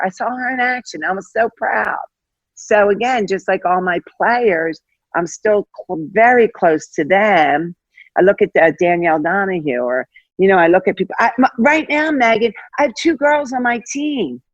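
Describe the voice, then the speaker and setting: Older woman, college coach, lively storyteller, dry and slightly muffled recording. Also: mid-range voice, no room sound. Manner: animated, acts out quoted dialogue, many fillers. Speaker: head basketball coach, guest. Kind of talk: casual interview storytelling.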